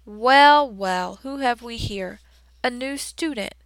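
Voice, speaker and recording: Woman doing a booming jolly janitor man. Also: expressive, normal speed, vocal fry, clean tone, no room sound, heavily acted. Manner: loud, hearty, chatty. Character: jovial booming male night janitor, friendly.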